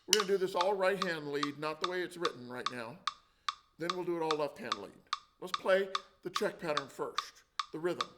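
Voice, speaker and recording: A man's voice: a little high, expressive, moderate pace, very noisy. A man teaching a percussion lesson, explaining and counting out drum rhythms. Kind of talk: instructional demonstration. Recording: loud drumming and clicks behind.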